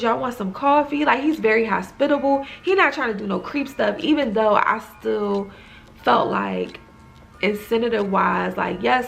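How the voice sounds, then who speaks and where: A woman's voice: mid-range voice, creaky, fairly bright tone. A woman casually recapping a TV episode, retelling scenes in a loose, chatty way full of "like" fillers. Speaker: TV recap reviewer.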